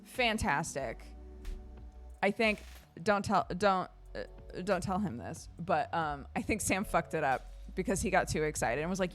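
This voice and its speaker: A woman streamer chatting casually with her viewers, telling stories in an animated way with lots of laughter and fillers. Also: on the low side, moderate pace, faint music behind.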